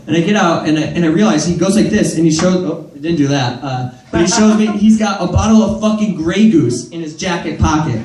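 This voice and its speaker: A man's voice: sits high, fairly quick, darkish tone, roomy sound, recorded from a distance, poor audio. A young man doing stand-up in a comedy club, telling a rambling, profane story full of fillers.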